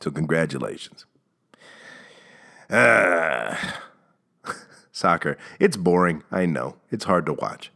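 A man's voice: low-pitched, very animated, takes it slowly, gravelly, pauses often, pushed and bright. A man hosting a solo podcast, rambling and self-mocking in a jokey tone. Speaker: podcast host.

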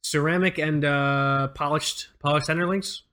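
A man hosting a podcast, telling a story in a casual, animated way, acting out quotes and laughing often. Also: a little high, measured pace. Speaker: podcast host.

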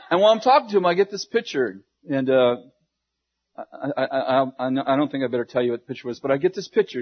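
Husky-voiced pastor telling a funny story. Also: male voice, medium pitch, lo-fi sound. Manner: humorous, self-deprecating storytelling with many restarts. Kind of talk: sermon storytelling.

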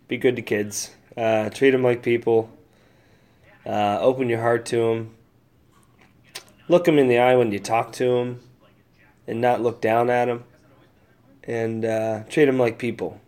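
A married man hosting a casual solo podcast, rambling, swearing freely and thinking out loud as he goes. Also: medium pitch, flat delivery, unhurried, long pauses. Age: adult, old enough to be married. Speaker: podcast host.

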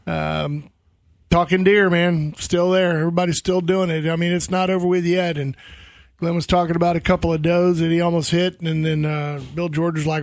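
A man's voice: fairly high pitch, normal speed, dry recording. A man hosting a casual outdoors radio show in a studio, telling stories and acting them out. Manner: animated storyteller, acts out dog voices.

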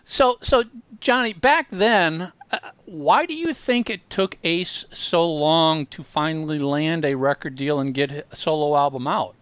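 A man's voice: on the high side, unhurried, fairly bright tone, clear, resonant tone, no room sound. A man hosting a podcast, asking questions hesitantly with several restarts. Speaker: podcast host. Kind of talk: casual interview questions.

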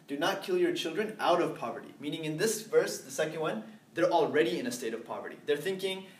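A man teaching an Islamic lecture to a class, explaining step by step, mixing in Arabic phrases and checking that students follow. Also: a little high. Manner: explains slowly, asks class if they understand; mixes in Arabic terms and phrases.

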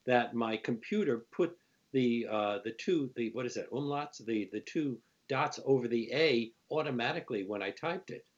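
A man hosting, asking measured, thoughtful questions. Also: mid-range voice, animated, muffled recording. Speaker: host. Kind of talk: interview talk.

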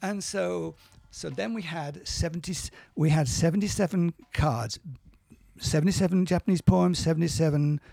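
Gravelly, husky man telling stories. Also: fairly high pitch, warm tone, no echo. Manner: halting, self-correcting, acts out quoted dialogue. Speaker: interview guest, musician and producer. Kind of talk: casual storytelling in conversation.

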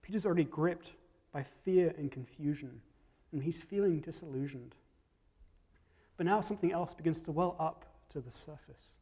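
A man preaching a storytelling sermon, reflective, dropping to soft tones at key moments. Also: fairly high pitch, normal speed, slightly rough, long reverb tail.

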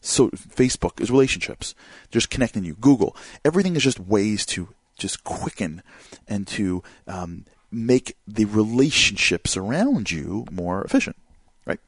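A man with a fairly low voice gives a motivational talk, his pitch rising and falling in lively swings. He leans on casual fillers and keeps checking in with the audience through rhetorical questions. The sound is dry and close, with almost no room echo. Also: normal speed, slightly rough. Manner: animated, asks rhetorical questions and acts out examples; many fillers such as "like" and "you know". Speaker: speaker giving a motivational talk.

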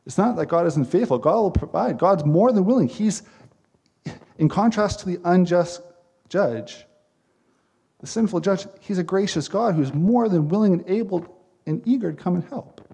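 A man's voice: sits high, animated, normal speed, vocal fry, warm tone, husky. A man preaching a sermon as pastor, earnest and emphatic, with repeated phrases.

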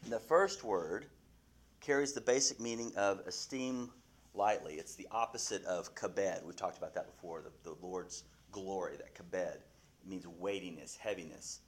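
A man's voice: sits low, moderate pace. A man teaching a Bible class, asking his listeners questions and often restarting his sentences.

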